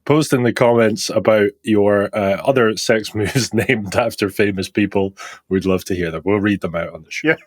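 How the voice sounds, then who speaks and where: Husky, low-voiced podcast host. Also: male voice, normal speed, dry recording. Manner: jokey, laughs often, swears casually. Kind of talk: casual comedic chat.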